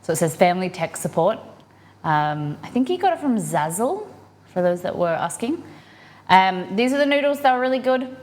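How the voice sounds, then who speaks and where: On this live cooking stream, a woman talks cheerfully to her audience from her home kitchen, responding to chat between cooking steps. Her mid-range voice has a darkish tone and is very animated, delivered at a normal speed.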